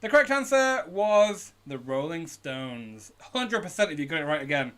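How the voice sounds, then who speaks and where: Upbeat and a bit bright, this British quiz host reads out questions, answer options and team names at a moderate pace during a live online pub quiz. His clean, high-leaning voice swings widely in pitch, picked up by a home streaming setup.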